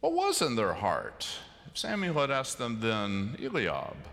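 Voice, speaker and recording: A middle-aged man preaching a sermon in a large church, telling stories with sudden loud bursts and sharp shifts in volume. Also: medium pitch, huge pitch swings, unhurried, gravelly. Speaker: pastor. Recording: long church reverb.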